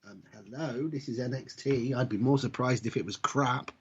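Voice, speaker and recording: A man with a husky voice co-hosts a wrestling podcast, chatting in a dry, wry tone full of asides. He sounds dull and lo-fi, like an ordinary home podcast recording. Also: mid-range voice, normal speed. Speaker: podcast co-host. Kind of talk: casual wrestling chat.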